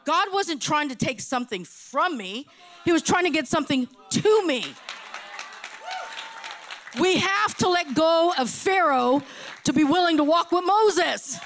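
A woman's voice: very high-pitched, animated, a little slow, fairly bright tone, some chatter behind, a little hiss or hum. A middle-aged woman preaching a sermon with passion, repeating phrases for emphasis.

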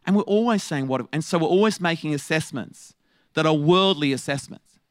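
A man preaching a sermon to his church, mixing jokes and quick asides with his message. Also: fairly high pitch, no echo. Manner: humorous, animated, quick asides with laughs.

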